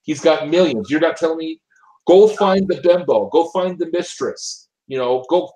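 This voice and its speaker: A man's voice: a little high, moderate pace, darkish tone, roomy sound, lightly acted, rough recording. Incredulous older male politician, scoffing, disbelieving, quoted by a man in his own voice.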